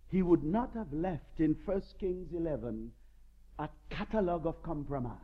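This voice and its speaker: A man preaches with a husky, slightly high voice that rises and falls widely as he drives his point home. He speaks slowly and emphatically, telling stories with dramatic flair. The recording sounds dull and lo-fi. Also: expressive. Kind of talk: sermon.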